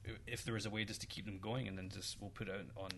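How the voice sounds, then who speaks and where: Bright-voiced man chatting on a podcast. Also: lowish voice, flat delivery, quick pace, a little hiss or hum. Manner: laughs often, chatty. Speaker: podcast co-host. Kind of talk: casual chat.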